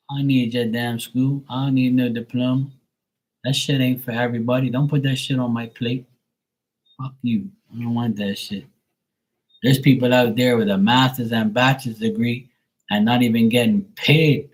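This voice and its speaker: A man in his late forties telling blunt, profane stories on a livestream, putting on higher, louder voices for the people he quotes. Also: rough recording. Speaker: livestream tarot reader. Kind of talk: casual livestream storytelling.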